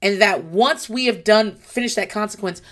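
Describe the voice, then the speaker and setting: A woman's voice: medium pitch, moderate pace. Blunt, profane mother talking parenting. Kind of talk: casual parenting talk.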